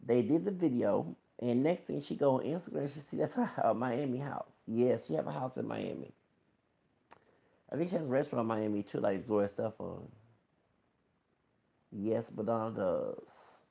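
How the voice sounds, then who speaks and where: A man's voice: mid-range voice, normal speed, vocal fry, mellow, slightly rough. A man in his thirties giving a casual, rambling gossip commentary to his viewers, full of exclamations and asides. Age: 30s. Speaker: vlogger.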